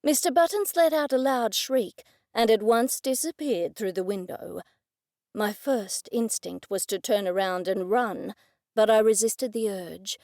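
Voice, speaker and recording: A woman narrating a first-person mystery audiobook in a clear, even storytelling delivery. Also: medium pitch, no room sound, clean studio sound.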